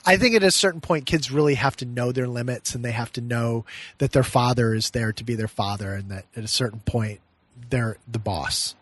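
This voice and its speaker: A middle-aged man, a meditation teacher, telling a personal story in an earnest, reflective way and often laughing softly mid-sentence. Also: mid-range voice, fairly quick, dry recording. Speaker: meditation teacher and podcast guest. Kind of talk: heartfelt personal storytelling in conversation.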